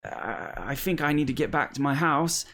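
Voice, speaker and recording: A man's voice: on the high side, moderate pace, fairly bright tone, voice pushed up. A man voicing a tired young girl who wants to stop playing and go home. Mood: weary. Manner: weary, whiny.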